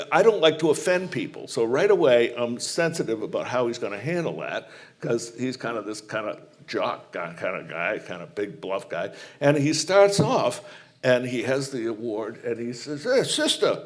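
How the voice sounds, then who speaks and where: A humorist from Maine holding forth on stage in a live interview. He rambles through anecdotes with many restarts and searching pauses, then settles into reflective musing at an average pitch. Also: expressive. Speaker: humorist guest. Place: small live performance venue.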